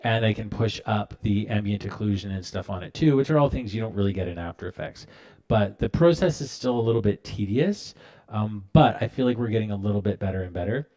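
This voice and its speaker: A man's voice: lowish voice, expressive, a little fast, hardly any pauses, mellow. A man hosting a casual live-stream art tutorial, talking loosely with many fillers and restarts while he works at his computer.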